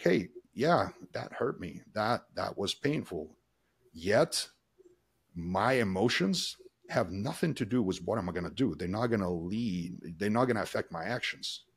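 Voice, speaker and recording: A man with a low, husky voice speaks as a guest expert on body language in a podcast interview. He explains at length in loose, emphatic run-on sentences, often restarting, and acts out little examples in quoted voices.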